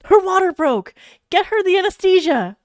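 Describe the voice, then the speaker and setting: A woman voicing a brisk female hospital nurse in a fanfiction reading, urgent and coaxing. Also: very high-pitched, lively intonation, dry recording, clean studio sound, voice pushed up.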